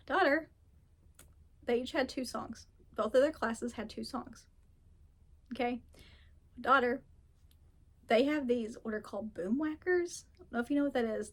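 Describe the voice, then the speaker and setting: A woman in her thirties talks casually to her viewers as a book vlogger. Her voice sits fairly high, and she tells stories in a loose, chatty way with frequent laughter. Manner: chatty storytelling, laughs often. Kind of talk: casual chat.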